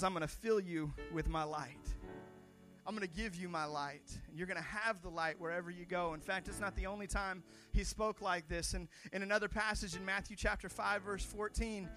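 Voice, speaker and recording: High-voiced fervent male pastor preaching. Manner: rising into fervent sing-song prayer, then energetic teaching. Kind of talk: sermon with altar-call prayer.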